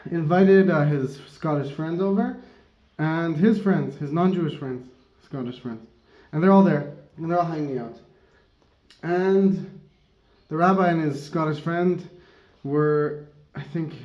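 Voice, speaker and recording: A man giving a casual Torah teaching, who rambles, corrects himself and laughs often. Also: on the high side. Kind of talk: casual religious teaching talk. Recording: dull, roomy recording.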